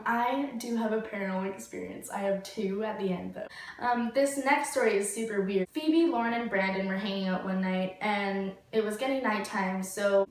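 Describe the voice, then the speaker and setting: A young woman telling a story casually, rambling, full of "like" and swearing. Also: medium pitch. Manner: rambling, heavy use of "like" and swearing. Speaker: vlogger. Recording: very echoey room, distant mic.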